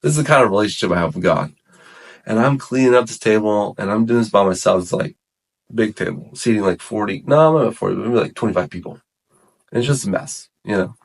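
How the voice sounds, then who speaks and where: A man with a very low voice tells his story of coming to faith in relaxed, conversational talk. He rambles, corrects himself mid-sentence and peppers his speech with "like" and "man". It sounds like an unscripted chat with a listener. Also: quick pace, gravelly, slightly rough. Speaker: guest sharing his testimony. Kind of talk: casual testimony chat.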